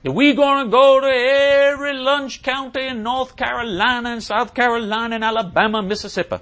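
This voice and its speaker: A man putting on the drawn-out voice of an orator preaching to a crowd. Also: very high-pitched, steady tone, fairly bright tone, voice pushed up. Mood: rousing.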